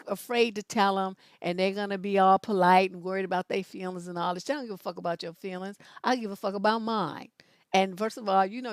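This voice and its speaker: A woman in her fifties hosting an advice show, telling stories bluntly with loud, profane emphasis. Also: fairly high pitch, dry recording. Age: 50s.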